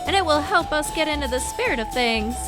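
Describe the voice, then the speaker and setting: A woman's voice: high-pitched, animated, a little fast, loud music behind the voice. A woman co-hosting a podcast in casual chat, playful and coaxing. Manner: playful, coaxing, put-on drawl. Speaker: podcast co-host.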